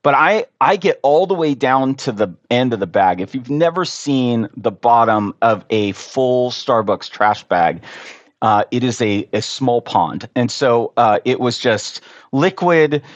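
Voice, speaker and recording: A man telling an earnest, animated story as a podcast guest in casual conversation. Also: medium pitch, measured pace, dry recording, lo-fi sound.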